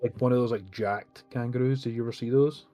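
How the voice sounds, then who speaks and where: Man, podcast co-host, casual chat, relaxed tone, lots of ums and laughs. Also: mid-range voice, fast, soft background music. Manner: laughs often, many fillers.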